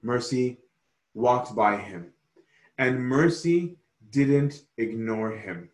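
A man preaching a sermon slowly and emphatically, often pausing to ask "right?". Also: medium pitch, roomy sound. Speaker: pastor.

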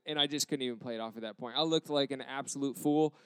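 Man telling a story, smooth dry voice. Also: a little high, measured pace, no echo. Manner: self-deprecating, animated retelling with quoted dialogue. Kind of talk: casual storytelling.

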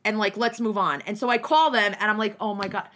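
A young woman from New Jersey telling a rambling, animated story in casual chat, swearing freely and acting out what people said, with many restarts. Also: medium pitch, fairly quick.

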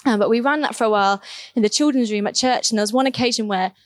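A woman's voice: on the high side, fast talker, no room sound. Earnest woman telling church stories. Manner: casual, earnest, laughs at her own stories, many fillers like "like". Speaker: youth ministry worker speaking to her church. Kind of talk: church talk, personal storytelling.

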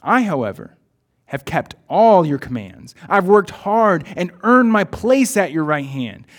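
A man voicing an indignant older son in a poem reading, sharp and resentful, his voice raised and loud. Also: mid-range voice, sing-song, unhurried, slightly rough, voice pushed down. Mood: angry, resentful.

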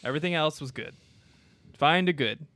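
A man's voice: a little high, normal speed, sharp tone, no room sound. A man in casual chat, emphatic and opinionated, who laughs often.

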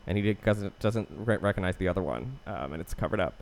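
A man's voice: sits low, lively intonation, fast, gravelly, a little hiss or hum. A man co-hosting a podcast, casually recapping a film plot in a loose, profane way with many restarts. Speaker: podcast co-host.

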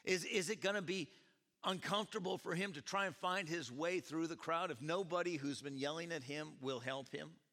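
A man pastor preaching a sermon at a church service, animated and questioning his congregation as he tells the story. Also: a little high, normal speed. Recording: echoey church hall.

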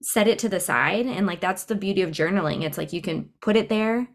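A woman's voice: medium pitch, a little fast. A woman speaking as a podcast guest, talking things through in a reflective, conversational way with frequent fillers. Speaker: podcast guest, cycle syncing coach. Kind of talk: casual interview conversation.

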